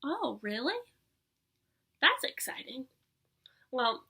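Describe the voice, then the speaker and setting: A young woman leading a preschool circle time lesson from home, with an animated sing-song manner that often drops to a soft whisper. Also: mid-range voice, creaky, slightly rough. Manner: animated sing-song teacher voice with gasps and drawn-out words. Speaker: preschool teacher.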